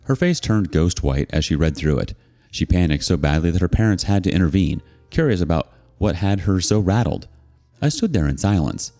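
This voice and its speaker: A man narrating a story in a low, warm voice that rises and falls a lot. He tells it expressively, with a sarcastic bite in his asides, over faint background music. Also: lively intonation, normal speed. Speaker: narrator of reader stories. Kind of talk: scripted narration.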